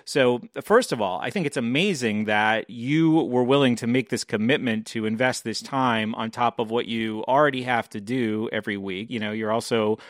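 A man hosting an interview, leading the talk and listing points in a measured way. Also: medium pitch, no room sound, studio quality. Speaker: podcast host and interviewer. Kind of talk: interview questions.

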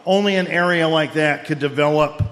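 A man's voice: a little high, a little fast, a bit bright, close to an everyday voice. A man doing a bombastic paranoid conspiracy host. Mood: ranting. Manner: bombastic, escalating rants with mock-grave pronouncements. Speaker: comedic co-host. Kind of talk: parody of a ranting conspiracy radio host. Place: live event hall. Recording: long hall reverb.

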